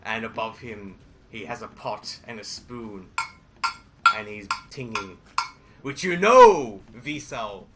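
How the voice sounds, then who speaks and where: A man narrating dramatically as game master of a tabletop role-playing game, halting now and then with fillers. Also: medium pitch, bright, forceful tone, a little hiss or hum.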